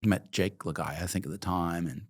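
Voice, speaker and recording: Speaking at normal speed in a voice that sits low, a middle-aged man from Oregon, USA, tells vivid stories as an interview guest. This coffee entrepreneur acts out the dialogue and swears casually in conversational storytelling.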